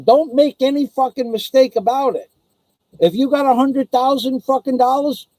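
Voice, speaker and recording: Man, angry profane rant, high-pitched for a man, dry close sound, taunting. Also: darkish tone, dry recording, poor audio. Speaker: vlogger. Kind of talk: angry ranting live stream. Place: living in the Philippines.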